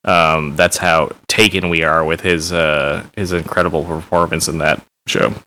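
A man co-hosting a casual podcast chat, joking, laughing often and pausing on many filler sounds. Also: extremely low pitch, little pitch movement, bright, forceful tone, slight background noise. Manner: laughs often, jokey, hesitant with many uhs. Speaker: podcast co-host.

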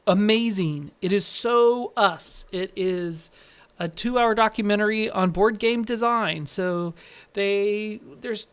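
A man's voice: high-pitched, takes it slowly, clean tone. A man co-hosting a casual podcast chat, talking eagerly and recommending things to listeners. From United States. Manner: enthusiastic, recommending. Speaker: podcast co-host.

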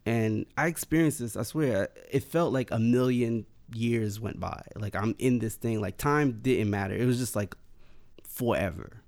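A man with a gravelly, creaky voice recounts a personal experience in loose, casual talk. He rambles, circles back on himself and fills his sentences with "like" and restarts. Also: medium pitch, unhurried, darkish tone.

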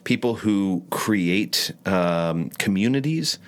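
A man's voice: sits low, expressive, slow. A man co-hosting a podcast in casual chat, talking in a thoughtful way with searching restarts. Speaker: podcast co-host.

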